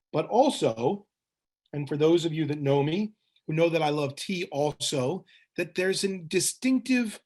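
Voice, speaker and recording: A man leading a tasting webinar, talking in a thoughtful, descriptive way and pausing to find the right words. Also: a little high. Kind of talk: guided tasting talk. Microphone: webinar mic.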